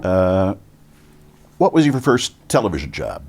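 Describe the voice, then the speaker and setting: Male podcast host, very deep voice, short friendly prompts. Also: huge pitch swings, a little slow, gravelly, darkish tone, slightly rough. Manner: brief prompts and questions. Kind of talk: interviewing.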